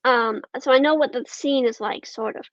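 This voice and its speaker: A woman's voice: high voice, normal speed, no room sound, lo-fi sound. A woman guest on a podcast, chatting casually and hesitantly, with lots of ums and trailing thoughts. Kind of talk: casual conversation.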